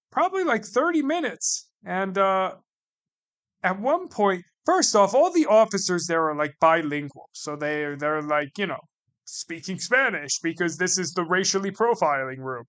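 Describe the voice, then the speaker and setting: A man's voice: sits high, pushed and bright. A man from the United States telling a casual comedic travel story, rambling and sarcastic, repeating himself with many asides.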